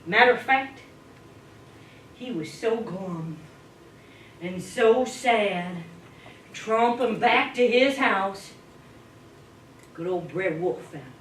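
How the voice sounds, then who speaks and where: A woman at a speaking club telling a folk tale in a dramatic, playful way, swooping in pitch and volume. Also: lively intonation, takes it slowly, pauses often. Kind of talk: animated folk-tale storytelling. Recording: echoey room, distant mic, faint hiss.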